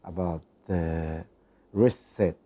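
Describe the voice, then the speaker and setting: A man speaking as a political panelist, choosing formal words with deliberate pauses. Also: low voice, steady tone, mellow. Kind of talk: panel discussion.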